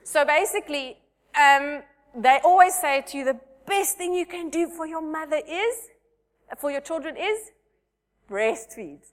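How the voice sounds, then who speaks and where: A woman's voice: sits high, expressive, a little slow. A woman in her thirties, a Sunday school teacher, giving a chatty, self-mocking church talk full of personal stories. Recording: long hall reverb.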